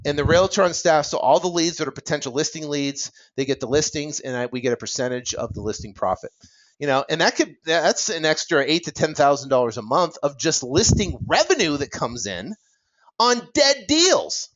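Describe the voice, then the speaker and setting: A man teaching real estate investing in an energetic, worked-up way, acting out talks with sellers and tossing in "right?" asides. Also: a little high, highs cut off. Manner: fast, animated, acts out seller dialogue, many "right?" asides.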